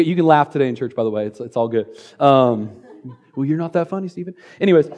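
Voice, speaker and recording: A man preaching a sermon on a church stage, playful and energetic, joking and repeating key phrases. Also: on the high side. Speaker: pastor.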